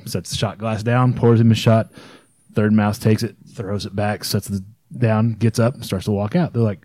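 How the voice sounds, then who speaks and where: A man's voice: on the low side, steady tone, brisk, darkish tone, no echo. A man hosting a podcast in casual chat, laid-back, with lots of "all right" and "you know". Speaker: podcast host.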